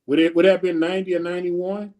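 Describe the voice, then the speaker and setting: Slightly high voiced guy stumbling through a question, repeats himself a lot. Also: level tone, a little mellow. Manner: halting, repeats himself while asking. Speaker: podcast co-host, coach. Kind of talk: casual interview chat.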